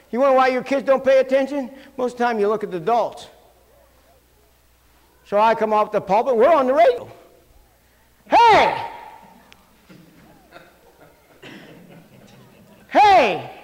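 A middle-aged male pastor preaching a sermon, telling folksy stories and acting out quotes in sudden loud shouts. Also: on the high side. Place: church sanctuary. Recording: long hall reverb.

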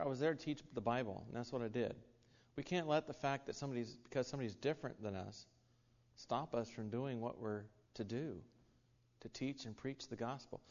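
A man's voice: medium pitch, darkish tone, long reverb tail, highs cut off. A man with an American accent preaching a sermon, earnest, with frequent restarts and asides. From United States.

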